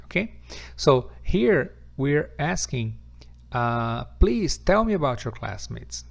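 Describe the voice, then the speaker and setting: A male English teacher with a heavily gravelly, creaky voice, talking through grammar points patiently. His first language is Portuguese, and he slows down to repeat example sentences for his students. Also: medium pitch, lively intonation. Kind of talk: online English grammar lesson.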